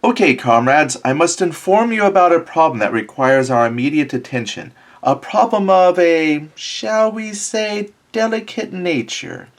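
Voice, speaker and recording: A Soviet lieutenant addressing his platoon in a tabletop war game, read aloud by a man. The voice stays his own with no put-on accent. He delivers the news with mock gravity, and his reassurances leap up in pitch with bluff confidence. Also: sing-song, unhurried, hardly any pauses. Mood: mock-grave. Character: male Soviet lieutenant rallying his troops.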